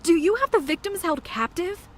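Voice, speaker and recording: A woman's voice: extremely high pitch, lively intonation, normal speed. A probing young woman detective. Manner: direct, probing. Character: sharp young woman detective questioning suspects. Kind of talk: video game voice acting.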